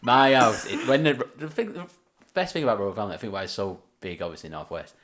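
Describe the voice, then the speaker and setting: A man's voice: on the low side, quick pace, a bit bright, slight background noise. A man chatting on a comedy podcast, quoting lines in mock voices. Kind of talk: casual comedy chat.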